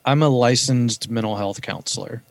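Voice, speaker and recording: A man's voice: mid-range voice, normal speed, creaky, dry recording. A man, a counselor, talking easily as a guest in a casual chat.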